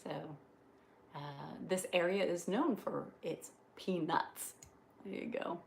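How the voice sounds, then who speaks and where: A woman's voice: fairly low pitch, very animated, slow pace, creaky, a little mellow, a little hiss or hum. A woman from the Northeast US, live-streaming and chatting casually with viewers, with frequent fillers and restarts. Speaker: livestreamer. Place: indoors on a farm, rainy day.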